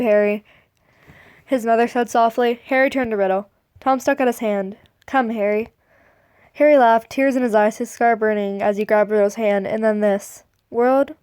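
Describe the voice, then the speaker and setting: Woman with a high voice reading fan stories aloud, trips over lines, restarts. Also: darkish tone, clear, resonant tone. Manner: stumbling over words, restarting and laughing at the text. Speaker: fan fiction reader.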